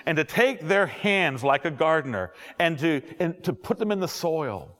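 A middle-aged man, a pastor, preaching a sermon with jokes and quick asides to his audience. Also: fairly high pitch, very animated, a bit bright, big-room sound. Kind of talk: sermon to young adults.

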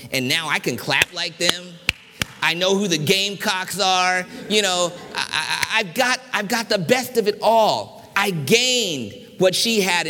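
A man's voice: high-pitched, sharp tone, long reverb tail. A middle-aged man from Washington, D.C., preaching a sermon in a church and telling personal stories with humor, varied pacing and emphasis. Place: church sanctuary.

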